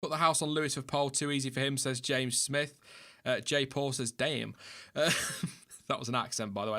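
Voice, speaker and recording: A man's voice: mid-range voice, fairly bright tone. A man hosting a casual live stream, chatting loosely and reading out viewer comments with small laughs. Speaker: livestream host.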